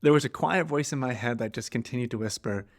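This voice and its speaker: A man from Canada co-hosting a podcast, retelling a chaotic trip in a lively, animated way, acting out quotes and swearing. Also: mid-range voice, fast. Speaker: podcast co-host. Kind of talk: casual storytelling chat.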